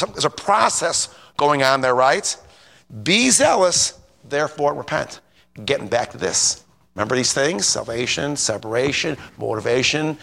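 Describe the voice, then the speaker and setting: Gravelly, lively man preaching casually. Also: on the high side. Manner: conversational, animated, asks the listeners questions. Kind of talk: informal sermon.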